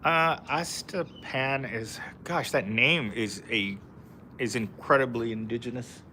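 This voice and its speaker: A man with a mid-range, bright, forceful voice speaks slowly, with slight background noise. Live-streaming outdoors in a park, he chats casually with viewers and reads their comments, rambling with plenty of fillers and frequent laughs.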